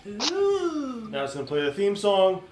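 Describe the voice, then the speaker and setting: A man's voice: high-pitched, wildly swooping pitch, slow. A man co-hosting and producing a podcast, offhand and profane in casual chat. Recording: roomy echo with loud music.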